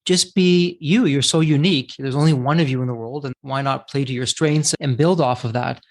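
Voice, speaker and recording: A man's voice: medium pitch, a little fast. A man hosting a podcast interview, asking questions as if he were a listener himself. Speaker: podcast host.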